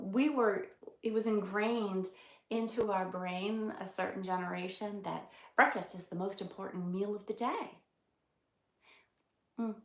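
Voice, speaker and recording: A woman's voice: medium pitch, echoey room. A middle-aged woman hosting a casual livestream, chatting with viewers, laughing often and talking into her phone. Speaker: livestream host.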